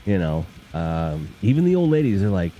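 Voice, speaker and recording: A man's voice: low-pitched, sing-song, moderate pace, warm tone, muffled recording, faint music behind. A man hosting a casual live stream, rambling and joking with crude humor while talking to his chat.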